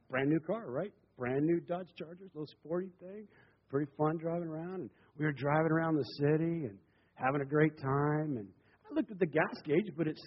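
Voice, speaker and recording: A man preaching a sermon, telling stories in an animated way that swings between loud passages and hushed ones. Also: fairly high pitch, big-room sound, lo-fi sound, a little hiss or hum.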